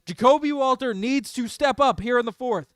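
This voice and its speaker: A young man giving a fan's live play-by-play commentary, swinging between despair and hype and yelling after big shots. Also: very high voice, normal speed, clear, resonant tone, no echo, studio quality. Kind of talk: excited fan play-by-play commentary.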